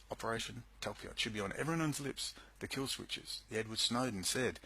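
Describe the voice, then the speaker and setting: A man's voice: mid-range voice, fairly quick, vocal fry, hardly any pauses, bright, forceful tone, husky, poor audio. A man speaking into his computer microphone, delivering an agitated, sarcastic rant to his viewers. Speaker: video blogger. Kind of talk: angry monologue to camera. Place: at home at a computer.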